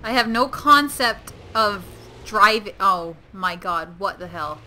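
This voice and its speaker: A woman giving casual let's-play commentary on a horror game, excitable and given to shrieking and swearing at the screen. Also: medium pitch, takes it slowly, a little hiss or hum. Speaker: gamer playing a horror game.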